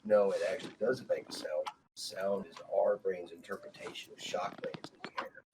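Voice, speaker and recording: A young man with a deep, low voice holds forth on a group podcast, explaining ideas like a know-it-all. A clear hiss of background noise sits under his mic. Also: fairly even intonation, normal speed. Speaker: podcast co-host. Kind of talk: casual group chat.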